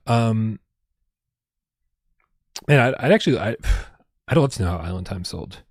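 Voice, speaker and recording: Husky-voiced man hosting a livestream. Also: on the low side, expressive, a little slow, no room sound, clean studio sound. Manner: rambling, reads out viewer tips, frequent restarts. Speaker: livestream host. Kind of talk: casual livestream chat.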